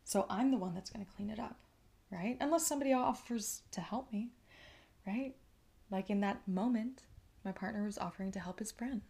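A woman's voice: medium pitch, fairly quick, vocal fry, mellow. A woman hosting a podcast, talking through personal experiences in a reflective, conversational monologue that often checks in with the listener. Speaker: podcast host.

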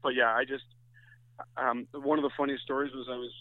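A man's voice: medium pitch, flat delivery, a little fast, no echo. Canadian male guest, rambling storyteller, thin phone-line audio, dead dry. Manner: rambling anecdotes with many restarts. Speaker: guest, softball pitcher. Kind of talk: casual chat, storytelling.

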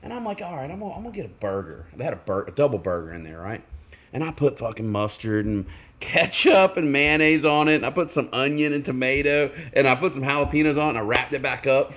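A man co-hosting a casual podcast, swearing often and acting out people in animated stories. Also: medium pitch, fast. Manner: swears a lot, animated storytelling with voices. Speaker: podcast co-host. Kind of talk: casual chat.

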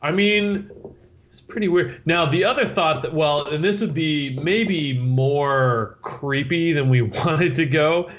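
A man's voice: fairly high pitch, slow, highs cut off. A man in a casual chat, thinking aloud and laughing often.

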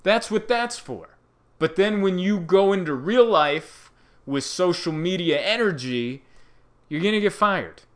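A man doing a stand-up comedy bit, animated storytelling that acts out the people in it. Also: high voice, a little slow. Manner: animated storytelling, acting out characters.

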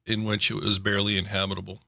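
A man's voice: fairly low pitch, monotone, gravelly, bright, forceful tone, no room sound, clean studio sound. A man with a Northeastern Connecticut accent, chatting casually and teasing his co-host. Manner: teasing, quick to laugh. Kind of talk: casual chat.

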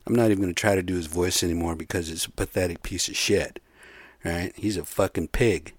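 A man's voice: low-pitched, fairly even intonation, brisk, no room sound. A man hosting a solo podcast, ranting in a profane, rambling, heated way from his bedroom. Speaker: podcast host.

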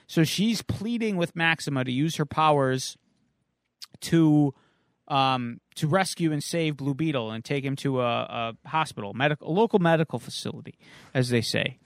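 A male podcast co-host with a fairly high voice rambles through a casual comic recap, stopping often for uhs and ums. The sound is dry and close. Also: a bit bright, no room sound.

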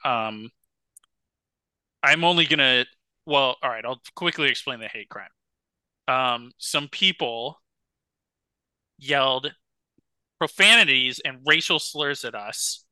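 A young man co-hosting a casual podcast, telling stories with lively, worked-up energy. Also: medium pitch, takes it slowly, pauses often, smooth, no echo. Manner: animated storyteller, gets loud and worked up. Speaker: podcast co-host. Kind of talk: casual chat.

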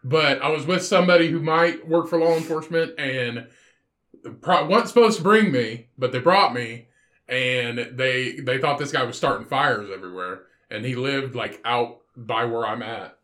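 A man's voice: mid-range voice, normal speed, fairly bright tone. A young Midwestern man co-hosting a podcast, telling stories in a profane, laughing way. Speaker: podcast co-host. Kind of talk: casual chat, storytelling. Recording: roomy echo.

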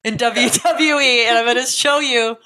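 A woman's voice: on the high side, fairly even intonation, moderate pace, pushed and bright. A young woman co-hosting a podcast, joking and teasing in casual, profane banter. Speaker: podcast co-host. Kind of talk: casual chat.

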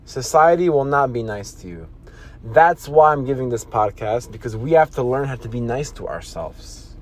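A man's voice: mid-range voice, animated, moderate pace, slight background noise. A man hosting a motivational podcast, talking earnestly with lots of restarts and repeated phrases. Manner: earnest, repetitive, with many restarts; acts out scolding voices in quotes. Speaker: podcast host.

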